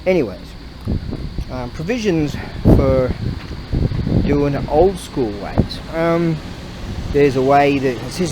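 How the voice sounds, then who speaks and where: A man's voice: mid-range voice, a little slow. A man hosting a podcast, rambling and grumbling with lots of swearing and laughter while he walks along a street. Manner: profane, grumbling, laughs often. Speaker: podcast host. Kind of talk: rambling casual monologue. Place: outdoors on a street, walking. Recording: traffic noise in the background. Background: passing vehicles.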